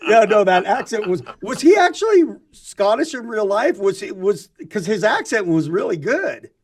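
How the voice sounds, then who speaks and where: A man hosting a podcast in casual chat, excitable and joking, laughing often. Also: high voice, moderate pace. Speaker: podcast host.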